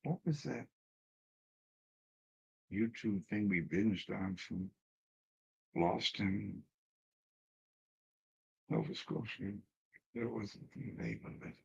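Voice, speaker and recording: A man's voice: fairly low pitch, slow, gravelly, pauses often, slightly rough, dull audio. A man, the host's husband, tossing in offhand remarks from across the room, away from the mic.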